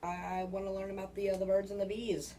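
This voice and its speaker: A woman's voice: mid-range voice, completely flat delivery, very noisy, pitched below the performer's own voice, lightly acted. A woman voicing a hesitant eight-year-old boy who stammers and trails off. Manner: halting, stammering.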